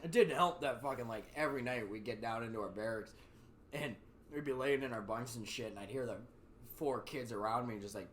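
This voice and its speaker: A man's voice: mid-range voice, brisk, slight background noise. A man in his thirties hosting a podcast, telling profane stories in casual chat and acting out other people's lines in raised voices. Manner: profane, animated, acts out quotes in raised voices. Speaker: podcast host.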